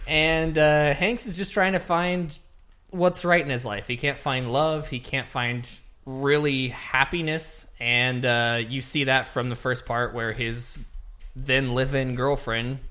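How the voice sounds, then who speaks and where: A young man co-hosting a casual podcast, retelling a film plot in animated detail and acting out the characters' lines. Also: mid-range voice, slow, clear, resonant tone. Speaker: podcast co-host reviewing a movie.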